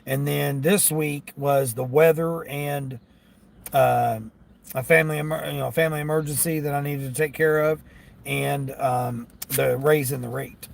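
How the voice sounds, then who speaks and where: A man who drives for delivery apps, talking casually to his viewers from his car and grumbling as he thinks out loud about the orders he gets. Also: fairly high pitch, fairly even intonation, measured pace, creaky, a little hiss or hum. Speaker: gig delivery driver vlogger. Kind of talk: casual talk while driving. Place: inside a car.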